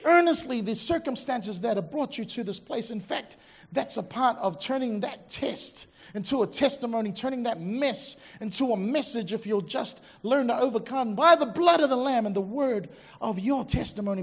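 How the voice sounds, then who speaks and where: High-voiced emphatic male preacher. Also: husky. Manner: conversational, emphatic, drops to quiet intensity for quoted lines. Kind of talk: sermon. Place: church service before a congregation.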